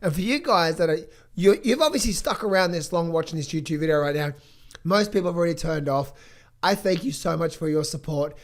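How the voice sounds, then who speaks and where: A hoarse man in his thirties or forties, a trading coach giving blunt, emphatic motivational talk and market commentary in a vlog. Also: a little high, animated, fairly quick. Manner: emphatic, blunt, swears freely.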